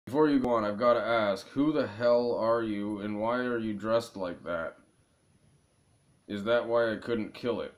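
Crude, joking young gaming host. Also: male voice, fairly low pitch, measured pace. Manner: crude, joking, grumbling asides. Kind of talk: casual let's play commentary.

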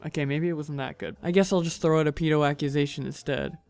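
A man hosting a commentary on online drama, delivered with a sarcastic, deadpan edge and plenty of swearing. His voice sits a little above the usual male pitch. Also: fast talker, clear, resonant tone, soft background music. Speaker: commentary host.

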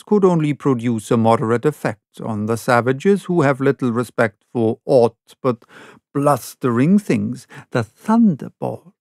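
A man narrating an unabridged classic novel in a slow, measured reading. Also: mid-range voice, dry recording, studio quality. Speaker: audiobook narrator.

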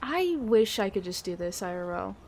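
A woman's voice: medium pitch, very animated, normal speed, darkish tone, a little hiss or hum. A young adult woman streaming a game live, chatting casually, swearing freely and laughing often. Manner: giggly and profane, laughs often. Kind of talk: casual chat while gaming live.

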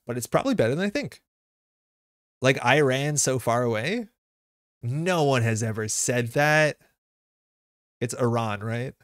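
A man's voice: medium pitch, no echo. Chatty man with a very dry close sound. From North America. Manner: rambling, chatty, with frequent fillers and self-corrections. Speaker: streamer playing a card game live. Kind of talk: casual live-stream chat reading viewer comments.

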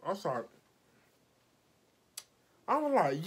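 A husky woman tells a story straight to camera, her pitch leaping around as she acts out each person. She is blunt and freely profane, sitting under hot, bright lights that leave her sweating. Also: lively intonation, measured pace, pauses often. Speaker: makeup artist and vlogger. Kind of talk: storytime vlog.

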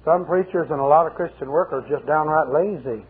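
A man's voice: on the high side, fairly quick, slightly rough. An older male pastor preaching a sermon with folksy, humorous storytelling. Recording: muffled 1980 sermon tape, phone-like.

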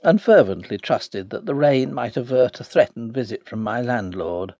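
A man reading a novel aloud as an audiobook narrator, in a measured, dry storytelling delivery. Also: mid-range voice, a little mellow, no room sound.

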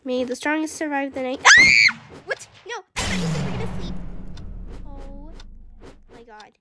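A woman voicing Fluttershy, a timid gentle young female pony, talking through a video game and gasping at every fright. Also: high-pitched, expressive, normal speed. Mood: nervous. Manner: easily frightened, gasps and soft exclamations. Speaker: gamer. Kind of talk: playing a video game in character. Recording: constant background noise.

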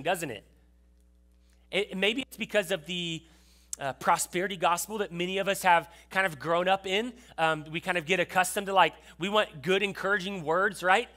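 Male pastor, sermon delivery, slightly high and bright voice, chatty with restarts. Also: a little fast. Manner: conversational preaching with frequent restarts and asides to the congregation.

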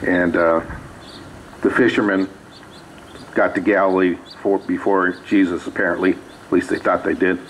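Low-voiced man preaching casually. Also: little pitch movement, moderate pace, long pauses, a little hiss or hum, low-quality recording. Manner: conversational, reads scripture aloud with asides. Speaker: pastor. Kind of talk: sermon. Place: small church sanctuary.

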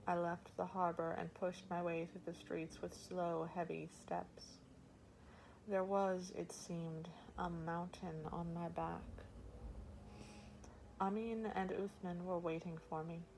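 A woman's voice: fairly low pitch, flat delivery, slow, gravelly, darkish tone, slight background noise, low-quality recording. A woman reading a first-person novel aloud as audiobook narration. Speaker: audiobook reader.

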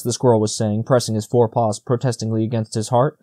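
A man reads a storybook audiobook aloud in a steady, measured way. His voice is mellow and relaxed, set at an ordinary middle pitch for a man. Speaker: audiobook narrator. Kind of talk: storybook narration.

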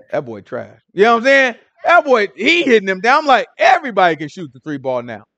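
A man teaching a Bible study in loose, slangy conversational talk, animated and often checking in with his listeners. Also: high voice, normal speed, no echo. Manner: animated, slangy, keeps asking listeners "right?".

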